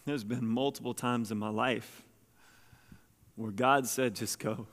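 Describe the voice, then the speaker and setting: A man preaching a sermon as pastor, shifting between hushed lines and loud, emphatic ones. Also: mid-range voice, a little slow, in a large hall. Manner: animated preaching, swings between soft and loud.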